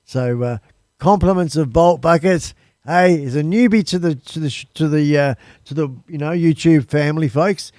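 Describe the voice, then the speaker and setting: A man's voice: a little high, moderate pace, a little mellow, no room sound, studio quality. Chatty Australian man hosting a live stream. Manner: rambling, chatty, addresses viewers as folks. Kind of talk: casual live-stream chat. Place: temporary home studio.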